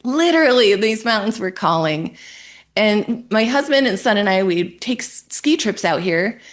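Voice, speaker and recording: A woman from Ohio, a guest on a podcast, telling her story in an animated, emotional way and acting out her own thoughts. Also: medium pitch, moderate pace. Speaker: guest entrepreneur and business coach. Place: home in a Colorado town.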